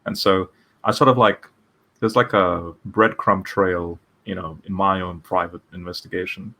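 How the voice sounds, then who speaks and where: Rambling, low-voiced male podcast host. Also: fairly even intonation, moderate pace, pushed and bright. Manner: rambling, many restarts and fillers. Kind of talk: casual interview chat.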